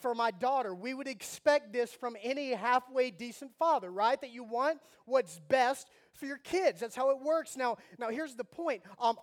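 A man, preaching a sermon with animated storytelling and mock outrage, moving from soft prayer to loud bursts. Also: very high voice. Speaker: pastor.

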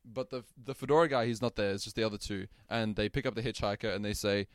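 A man on a podcast, joking his way through a film recap. His voice is smooth and resonant, the sound is close and dry, and he drops into silly voices for the characters. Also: fairly low pitch, fast, no room sound. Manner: jokey, animated storytelling with silly put-on voices. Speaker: podcast co-host. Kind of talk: casual chat recapping a film.

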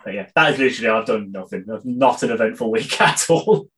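A man in his thirties chatting easily on a podcast. His voice moves a lot in pitch, and he laughs often. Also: animated, quick pace, fairly bright tone. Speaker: podcast co-host. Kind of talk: casual chat.

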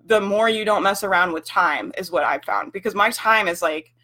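A young woman talks to her livestream audience in a loose, blunt way. She peppers her speech with "like" and the occasional swear word, and her voice sits at a middle pitch. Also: moderate pace, bright, forceful tone. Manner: frank, swears freely, lots of filler "like". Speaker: livestream host coaching business owners. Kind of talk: casual livestream talk.

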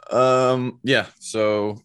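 A young man co-hosting a casual podcast, joking, laughing and mocking squeaky voices in chat. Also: level tone, extremely slow, fairly bright tone, clean tone. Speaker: podcast co-host.

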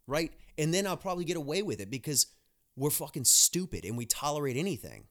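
A man's voice: fairly high pitch, big pitch swings, fast, fairly bright tone. A young man, a nurse hosting a podcast, talking in a blunt, profane, ranting monologue with mocking asides. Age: young adult.

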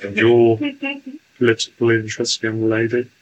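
A man speaking formally in a stilted, deliberate way as the voice in a channeling session, telling a joke and chatting with guests. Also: fairly low pitch, completely flat delivery, muffled recording, a little hiss or hum.

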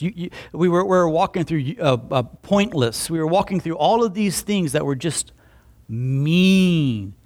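In a conversational sermon, a male pastor tells a story and performs both sides of the dialogue himself. He often restarts by repeating words, and his voice runs a little high.

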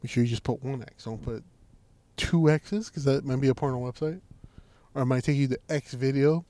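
A man co-hosting a casual, crude podcast, talking in a low-key deadpan mumble with plenty of swearing. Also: brisk. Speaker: podcast co-host.

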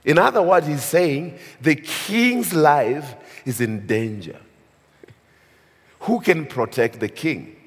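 A man's voice: a little high, animated, slow, slightly rough. A man explaining scripture as a Bible teacher, speaking with emphasis and chuckling now and then. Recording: long hall reverb.

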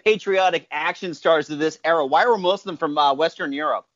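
A man hosting a casual group chat, animated and laughing often. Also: on the high side, fairly quick, dry recording, lo-fi sound. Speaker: podcast host.

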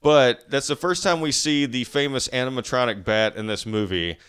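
A man's voice: medium pitch, normal speed, a bit bright, clean tone. A man hosting a casual movie review podcast, recapping scenes in a rambling, stop-and-start way. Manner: rambling, restarts sentences while recapping. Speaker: podcast host.

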